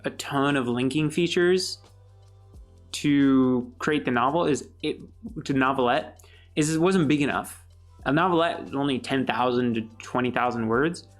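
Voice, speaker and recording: A young man, a YouTube creator, answering viewer questions in a casual, upbeat chat and laughing easily. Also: medium pitch. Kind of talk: casual Q&A monologue.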